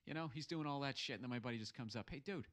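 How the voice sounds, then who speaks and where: A man's voice: mid-range voice, very fast. A man telling a crude, comic bar story and giving blunt advice, swearing freely. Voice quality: loud and crude, swearing often. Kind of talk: profane comedic storytelling.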